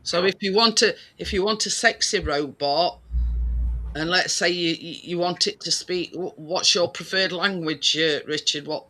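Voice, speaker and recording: A British man co-hosts a casual chat, rambling with many restarts and fillers and laughing easily. His high voice is bright and forceful, at normal speed.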